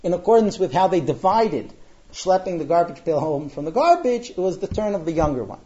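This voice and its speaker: Animated parenting speaker, dull lo-fi sound. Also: medium pitch, brisk. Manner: animated storyteller who acts out quotes. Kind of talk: parenting talk to a live audience.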